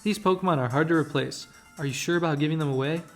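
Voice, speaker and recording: A polite, helpful young girl from a video game, read aloud by a man. She sounds courteous and a little anxious. The voice sits a little high, with faint game music behind. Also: quick pace, natural voice.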